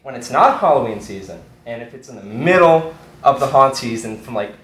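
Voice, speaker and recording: A man's voice: mid-range voice, lively intonation, brisk, a bit bright, echoey room, poor audio. A young man animatedly telling a personal story on a live storytelling stage.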